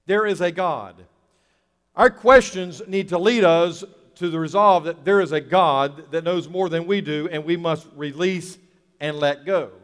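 A man's voice: a little high, clear, resonant tone, in a large hall. A male pastor preaching a sermon, earnest and repeating his key lines for weight.

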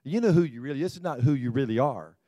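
A man's voice: mid-range voice, expressive, fast talker, mellow, no echo, clean studio sound, lightly acted. A man voicing the devil as a sly, needling male tempter in a sermon story.

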